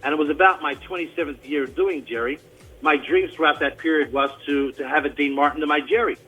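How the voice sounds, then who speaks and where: A man from Australia, a tribute performer, telling a story in a casual radio interview, with an animated delivery full of restarts and a mild Australian accent. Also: fairly high pitch, fairly quick, faint music behind, low-quality recording. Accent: mild Australian, mostly hidden.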